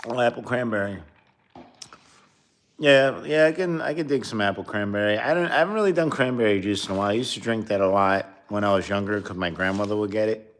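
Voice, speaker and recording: Rambling, low-voiced man streaming live. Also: quick pace. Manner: rambling, talks while eating. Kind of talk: casual live-stream chat.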